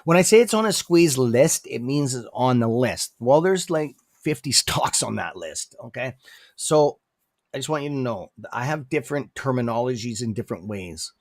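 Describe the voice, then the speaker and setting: This man, speaking English with a non-native accent, chats loosely about stocks on a casual livestream, repeating "okay?" and bursting out suddenly now and then. His medium-pitched voice has lively intonation at a moderate pace, recorded with studio quality and no room sound.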